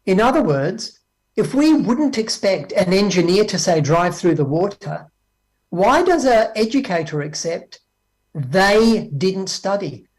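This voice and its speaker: An Australian man giving a conference keynote on education, talking lively and acting out exchanges with teachers. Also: sits high, a little slow. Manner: lively, acts out dialogues with teachers. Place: speaking remotely from Australia.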